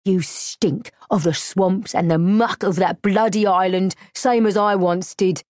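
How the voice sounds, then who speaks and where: A woman playing a crude male slaver, growling, sneering, storybook villain, dry close sound, middling pitch. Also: steady tone, measured pace, darkish tone, no room sound, lightly acted. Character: sly brutish male Celtic slaver, crude.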